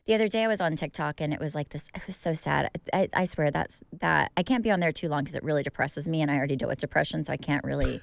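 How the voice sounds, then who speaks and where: Smooth-voiced chatty woman podcaster. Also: deep voice, fast, no room sound. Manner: chatty, rambling with restarts. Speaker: podcast co-host. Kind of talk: casual chat.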